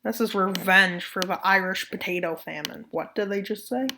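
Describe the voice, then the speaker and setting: A woman narrates a map scenario video in a mid-range voice at a moderate pace, with background noise audible. She adds playful jokes, asides and mock voices to her casual commentary.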